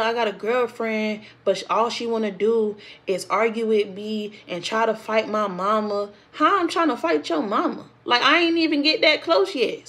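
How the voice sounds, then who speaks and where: A young woman with speech tells her own storytime straight to her viewers. Her delivery is animated and conversational, and she jumps into the voices of the people in her story. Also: medium pitch. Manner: animated, acts out quotes of others in the story. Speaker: storytime vlogger. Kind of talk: casual storytime.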